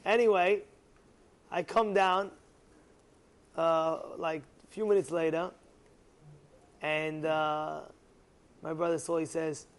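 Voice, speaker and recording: Young guy with a high voice rambling thru a story, lots of restarts. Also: level tone, slow, long pauses. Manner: rambling, with restarts and loud acted quotes. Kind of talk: casual personal storytelling.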